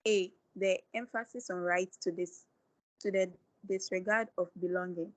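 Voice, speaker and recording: A woman's voice: lowish voice, steady tone, normal speed, no echo, rough recording. A woman student in an online class reading quiz questions aloud, going through the options letter by letter with small hesitations. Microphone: video call.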